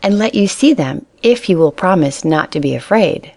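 A woman's voice: on the low side, expressive, moderate pace, a little mellow, no room sound. A woman voicing a patient but tired mother rabbit explaining things to her child. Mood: kind.

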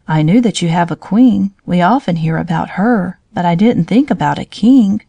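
A woman's voice: fairly low pitch, expressive, moderate pace, gravelly, warm tone, husky, no room sound, heavily acted. A woman reading a storybook aloud, voicing a curious, questioning young boy who watches the bees. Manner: inquisitive, questioning.

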